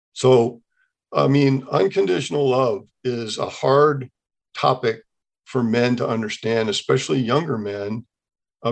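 A gravelly, medium-pitched man in his sixties appears as a podcast guest to share his personal faith testimony. He tells it with animation, acting out the dialogue he quotes.

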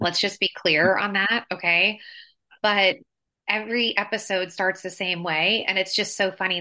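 A woman's voice: fairly low pitch, bright, forceful tone. A woman co-hosting a podcast, chatting in a cheerful, amused, plain-spoken way. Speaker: podcast co-host. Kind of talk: casual podcast chat.

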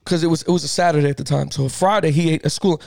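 Man, high voice, gravelly, middle-aged, animated storyteller, slangy, casual podcast co-host. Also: fast, no echo, studio quality. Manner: animated, fired-up storyteller who laughs often; slangy, repeats himself. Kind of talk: casual sports podcast chat.

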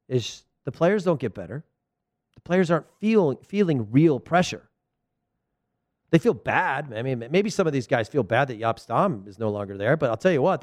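A middle-aged man hosts a soccer show from the studio, delivering a casual, rambling opinion monologue. His medium-pitched voice is recorded dry, and he sounds animated, often restarting his sentences.

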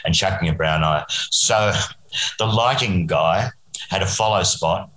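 A man's voice: deep voice, measured pace, a bit bright, reverberant, rough recording. An Australian man, a musician guest, rambling through a story and chuckling often. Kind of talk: casual anecdote telling.

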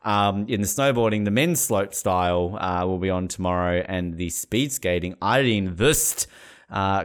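A man hosting a casual sports chat, rambling and joking with frequent laughs. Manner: rambling, jokey, laughs often, lively pitch. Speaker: podcast host.

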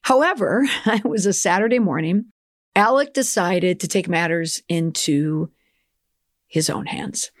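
A woman's voice: on the low side, a little slow, dry recording. Chatty woman podcast host, dry close mic. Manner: chatty, opinionated, drops into playful mock accents. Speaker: podcast host on public relations. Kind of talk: casual commentary.

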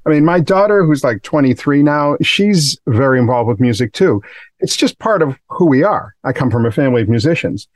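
A man's voice: medium pitch, lively intonation, fairly quick, no room sound. A middle-aged man from Massachusetts telling stories as a guest in a casual podcast interview, in a rambling, self-deprecating way. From Massachusetts, USA. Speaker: guest, recording engineer.

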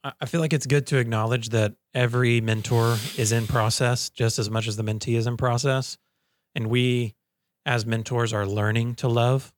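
A young adult man co-hosts a podcast, telling personal stories in a measured, reflective way. His voice sits in the middle range. The recording is dry, with no room echo. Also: mid-range voice, steady tone. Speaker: podcast co-host. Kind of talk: casual podcast conversation.

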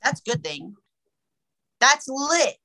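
A woman's voice: high voice, big pitch swings, slow pace, pushed and bright. Blunt, candid young woman rapper. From United States. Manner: blunt and candid, swears freely, laughs often. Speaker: rapper guest. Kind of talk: casual interview chat.

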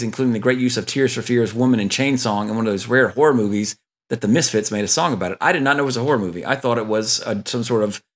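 A man hosting a casual movie podcast, talking in a rambling way with many fillers and restarts, reading listener emails aloud. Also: medium pitch. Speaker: podcast host.

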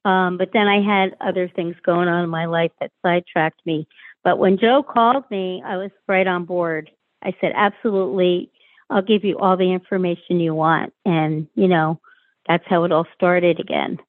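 A woman's voice: on the low side, fairly even intonation, normal speed, dry recording. Woman on a tinny phone line. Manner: candid, frank, speaks with many hesitations. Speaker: guest, sister of a murder victim. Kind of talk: personal interview.

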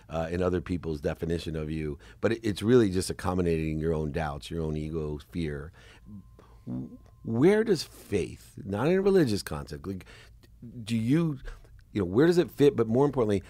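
A man in his fifties hosts a relaxed podcast conversation, his voice sitting very low. He talks in an animated, rambling way with frequent laughter. The recording is dry and close, with no room sound. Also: no room sound. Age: 50s. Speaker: podcast host. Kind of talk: conversational interview.

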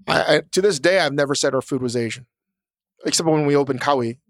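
A man's voice: a little high, fast, dry recording, clean studio sound. A man co-hosting a podcast in casual chat, blunt and profane, a chef talking about his restaurants.

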